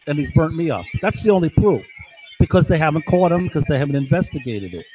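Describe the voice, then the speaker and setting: A man's voice: on the high side, very animated, quick pace, over music, rough recording. A man delivering an agitated, profane monologue full of accusations. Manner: ranting, profane, accusatory outbursts.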